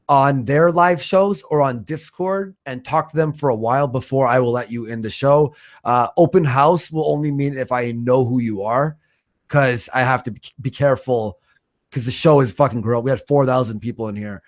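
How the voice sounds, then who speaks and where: A man hosting a livestream, reading out viewer donations in a loose, profane, joking way. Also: mid-range voice. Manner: loose and profane, quick laughs. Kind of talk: casual livestream chat.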